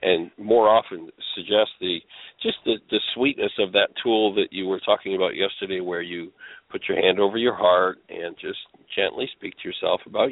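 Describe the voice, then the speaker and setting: A man hosting a radio show, talking casually with appreciative, halting phrasing. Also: low voice, creaky. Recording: tinny phone-line radio audio, dry.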